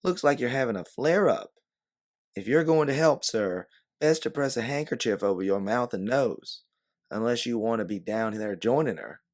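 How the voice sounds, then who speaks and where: A man's voice: medium pitch, moderate pace, voice pushed up, lightly acted. A man voicing a bossy woman time-traveler. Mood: fake-sweet Southern. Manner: commanding, yelling orders. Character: brisk female time-traveler leader, bossy and quick-witted.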